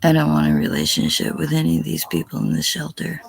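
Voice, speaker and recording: A woman's voice: extremely low pitch, big pitch swings, fast talker. A middle-aged woman on a casual livestream answering chat, blunt and profane, sometimes dropping to a whisper. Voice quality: gravelly, husky.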